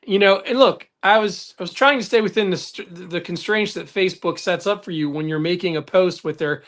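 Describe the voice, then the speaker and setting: A man's voice: high voice, fairly quick, a bit bright. Male co-host, blunt and heated, swears freely. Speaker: podcast co-host. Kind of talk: casual chat.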